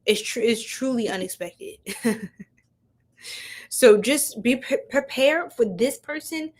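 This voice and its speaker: A woman's voice: fairly high pitch, lively intonation, takes it slowly. A young woman giving a chatty live-stream tarot reading, laughing often and talking straight to her viewers in slang. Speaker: tarot reader.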